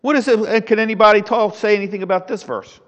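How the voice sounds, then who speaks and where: A man leading a Sunday school Bible class, teaching in an animated, preacherly way with the odd chuckle. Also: high voice, quick pace, big-room sound, muffled recording. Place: church classroom.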